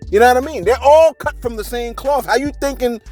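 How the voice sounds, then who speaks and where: A man hosting a celebrity gossip channel, talking casually to viewers with animated rhetorical asides and repeated words. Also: very high voice, a little fast, soft background music. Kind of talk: casual gossip commentary to camera.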